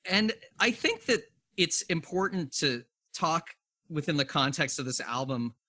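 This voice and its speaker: A man hosting a podcast speaks in a bright, dry, close-sounding voice. He is thoughtful and reflective as he weighs the mood of a song. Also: a little high, lively intonation, unhurried, no room sound. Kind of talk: casual music discussion.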